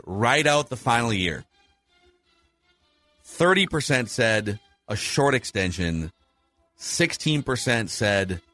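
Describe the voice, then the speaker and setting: A man's mid-range voice comes across pushed and bright in a dry recording. As host of a casual sports talk podcast, he runs polls, analyzes the results and quizzes his co-host for opinions.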